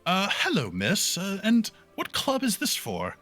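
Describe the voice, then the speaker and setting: A man's voice: high voice, huge pitch swings, a little slow, bright, forceful tone, faint music behind, pitched above the performer's own voice, full character voice. A man voicing a prim, polite trunked knight. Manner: polite, hesitant, proper. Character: gentle, formal elephant-trunked male student knight.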